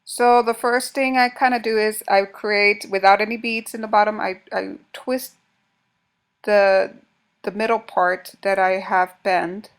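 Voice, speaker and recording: A woman's voice: mid-range voice, fairly even intonation, a little slow, clear, resonant tone. Casual woman demonstrating a craft. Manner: casual, talks while working, frequent restarts. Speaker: craft tutorial host.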